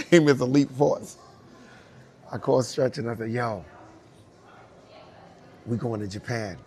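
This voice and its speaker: Animated Brooklyn man telling a story. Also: mid-range voice. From Brooklyn, New York. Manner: acts out both sides of dialogue, laughing often. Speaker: dancer telling his story as guest.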